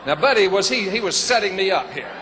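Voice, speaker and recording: An older man, telling his conversion story to a congregation in a folksy, earnest way, often rising to excited emphasis. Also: high voice, fast talker. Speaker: former pastor giving a testimony. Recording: long hall reverb, faint noise.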